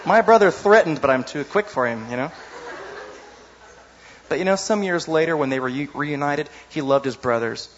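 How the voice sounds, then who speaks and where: A man preaching a sermon in a lively, conversational way, often asking the audience "you know?". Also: on the high side, moderate pace, highs cut off, slight background noise.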